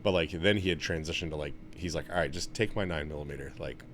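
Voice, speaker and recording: A young man in casual podcast chat, telling stories with lots of swearing and getting loud when he's excited. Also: quick pace, a little hiss or hum. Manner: animated, swears a lot, gets loud and high when excited. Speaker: podcast co-host.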